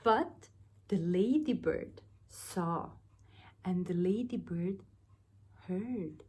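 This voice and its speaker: A nursery teacher reading a children's picture book aloud with expressive, drawn-out storytelling. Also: female voice, lowish voice, husky.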